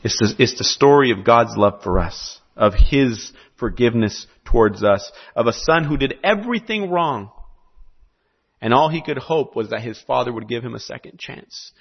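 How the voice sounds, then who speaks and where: Man preaching an animated sermon. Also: medium pitch, normal speed, breathy edge. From South America. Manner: animated storytelling, asks the audience questions. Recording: slightly muffled recording.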